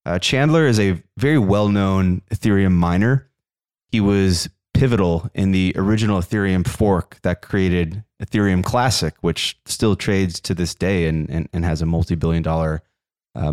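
A male podcast host reading through the news alone in a mildly monotone, self-aware way, at a close mic. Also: lowish voice, no room sound. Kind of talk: solo news rundown podcast.

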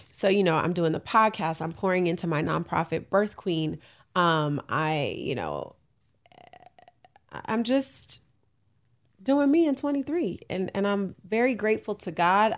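A woman in her late thirties hosting a casual solo podcast, candid and uplifting, laughing often, with African American Vernacular English. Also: lowish voice. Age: late 30s. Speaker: podcast host.

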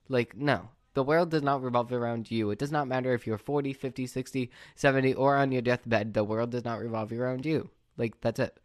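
A late-teen man talking solo on a podcast, ranting with exasperation in a casual way. His voice sits in a middle range for a man. The sound is dry, with no room echo. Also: medium pitch. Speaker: podcast host.

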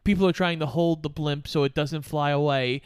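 A man's voice: a little high, steady tone, normal speed, clean tone, dry recording, studio quality. A man casually chatting about a movie plot in a sardonic, joking way, with some swearing. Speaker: podcast co-host. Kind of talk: casual movie recap chat.

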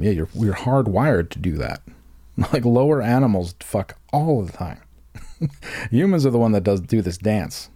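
Dark-voiced rambling podcast host. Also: male voice, deep voice, no echo, clean studio sound. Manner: rambling, crude and joking, with many restarts. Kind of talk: rambling comedic podcast chat.

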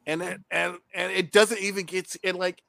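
This man co-hosts a movie review show, and his voice sits high with some vocal fry at a normal speed, recorded dry. He chats casually and animatedly, swears freely, and puts on mocking voices in quotes.

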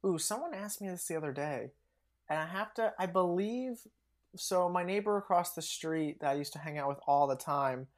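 Young adult guest, casual chatty storyteller, laughs a lot, mid-pitched voice. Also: lively intonation, normal speed. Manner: chatty, laughs often, many fillers. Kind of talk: casual podcast interview.

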